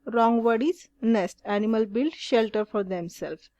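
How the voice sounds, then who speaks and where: A woman teacher works through a school exercise, reading each question and then its answer. She speaks slowly, in a somewhat high voice. The sound is dry and close, with no room around it. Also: mellow, no echo.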